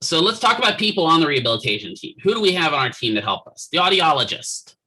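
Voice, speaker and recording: A man's voice: a little high, big pitch swings, fast, pushed and bright, breathy edge, rough recording. A man lecturing students on physical therapy from his office, joking and checking in with frequent rhetorical questions. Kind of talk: classroom lecture with anecdotes.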